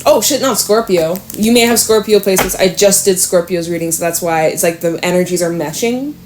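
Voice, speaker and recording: Chatty tarot-reading woman, low voice. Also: a little fast, slight background noise. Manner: chatty, swears and laughs, excitable bursts. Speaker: tarot reader.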